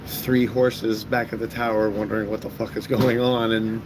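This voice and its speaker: Chatty, low-voiced male game master. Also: level tone, normal speed, background noise. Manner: chatty, rambling, with many fillers. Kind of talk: casual chat on a game stream.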